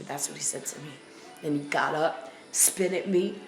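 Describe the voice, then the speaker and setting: A woman's voice: low voice, moderate pace, gravelly. A woman from the Bronx, telling her own story to her viewers bluntly and emphatically, repeating phrases for weight. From the Bronx, New York. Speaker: vlogger. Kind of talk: candid personal storytelling to camera. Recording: echoey room with faint music.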